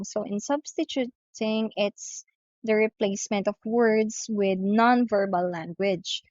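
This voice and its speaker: A woman's voice: mid-range voice, darkish tone, no echo. Woman english teacher going over a lesson, keeps saying okay, kinda dull dry sound. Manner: explains step by step, often says okay. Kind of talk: online lecture.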